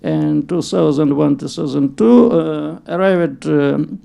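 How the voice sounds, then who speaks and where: Male professor, very gravelly and slow, halting intro. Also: fairly high pitch, mellow. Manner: halting, coughing between phrases. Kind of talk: self-introduction.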